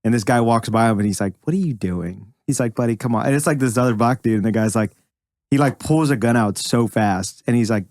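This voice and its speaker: Male comic, deadpan storyteller, mid voice, dry studio sound. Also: mid-range voice, fast, no room sound. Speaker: comedian co-host. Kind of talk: casual comedy storytelling.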